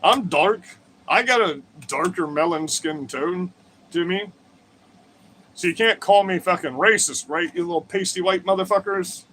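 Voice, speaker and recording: A man hosting a livestream delivers a crude, confrontational political rant to his chat, full of profanity and digressions. His voice is high and sharp, a little slow, with slight background noise.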